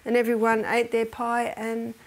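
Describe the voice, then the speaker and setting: A middle-aged woman giving a health seminar that weaves in Bible teaching. She tells stories lively, laughs often, and drops to a soft whisper for emphasis. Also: on the high side, normal speed. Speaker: health educator.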